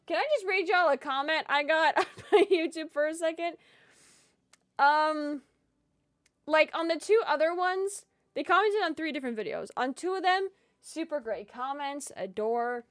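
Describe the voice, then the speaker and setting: Giggly high-voiced woman streamer. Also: animated, normal speed. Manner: bubbly, giggly, swears casually, reads on-screen text aloud. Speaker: gaming streamer. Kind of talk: casual live-stream chat and gameplay.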